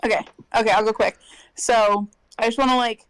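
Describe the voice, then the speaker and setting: A woman's voice: fairly high pitch, steady tone, brisk, clear, resonant tone. A woman playing in a tabletop game, chatting eagerly and joking with friends. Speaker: player. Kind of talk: casual tabletop game chat.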